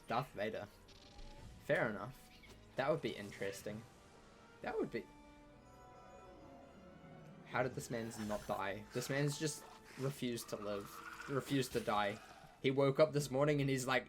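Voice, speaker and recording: Playful man streaming a game, music behind. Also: on the low side. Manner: playful, chatty, mock trash talk at enemies. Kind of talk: live gameplay commentary.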